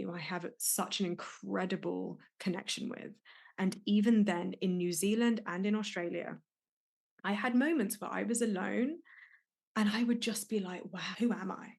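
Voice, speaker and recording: Young woman doing a solo podcast, open and emotional, keeps restarting her sentences, mid-pitched voice. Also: gravelly, a little mellow. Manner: candid, emotional, searching, with many restarts. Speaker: podcast host and life coach. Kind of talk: reflective solo podcast monologue.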